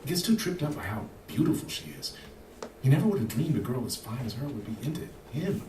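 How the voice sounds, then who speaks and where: A man reading a novel aloud as an audiobook narrator, with expressive storytelling. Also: mid-range voice, fast talker, far from the mic. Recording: audiobook played through speakers, echoey room, from afar, with hiss.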